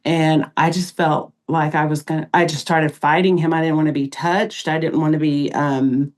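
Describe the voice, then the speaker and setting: Low, flat-voiced woman recounting haltingly. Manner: halting, many pauses and fillers. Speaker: podcast guest. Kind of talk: emotional interview recounting.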